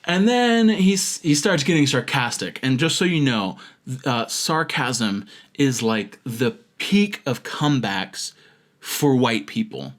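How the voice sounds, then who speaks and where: A man with a lively, sing-song voice that rises and dips a lot as he rants. He mocks what he reads with sarcastic jabs and breaks into laughter mid-sentence. He sounds like a filmmaker vlogger doing a comedic rant. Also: mid-range voice, a little slow. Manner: sarcastic, mocking, laughs while talking. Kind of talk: comedic rant reading out comments.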